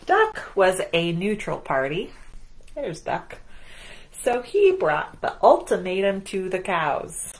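A woman librarian reading a picture book aloud at children's storytime, animated and asking the kids questions. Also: mid-range voice, takes it slowly, rough recording.

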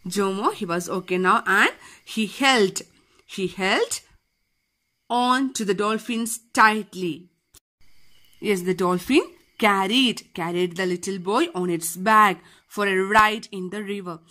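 A woman's voice: mid-range voice, takes it slowly, long pauses, pushed and bright. A woman teacher with an Indian English accent, reading a children's story aloud and explaining it, asking and answering her own questions.

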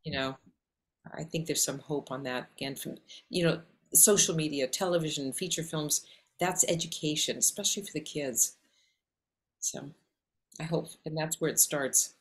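Animated Canadian actress in conversation. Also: female voice, low voice. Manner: animated, talks in quick lists. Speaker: actress and acting coach, guest. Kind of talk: casual interview conversation.

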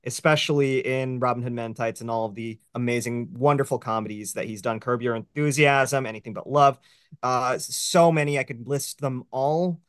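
A man's voice: medium pitch, moderate pace, fairly bright tone, smooth, dry recording, clean studio sound. A man hosting a casual film review show over a video call, rambling with plenty of fillers. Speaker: host.

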